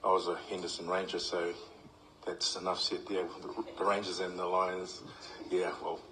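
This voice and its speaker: A middle-aged man from New Zealand gives a heartfelt, humorous funeral eulogy full of stories and acted quotes. His deep voice moves little in pitch and keeps a moderate pace, with a noisy background.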